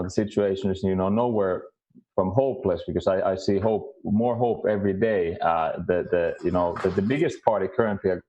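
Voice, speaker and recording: A man with a Finnish accent, a guest in a casual discussion, speaking haltingly with many restarts and repeated words. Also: low voice, dark tone, muffled recording, a little hiss or hum. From Finland.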